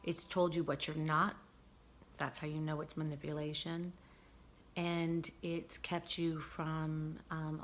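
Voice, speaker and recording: A woman vlogger talking casually about spiritual healing, earnest and searching, with frequent pauses and fillers. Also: fairly low pitch, pushed and bright.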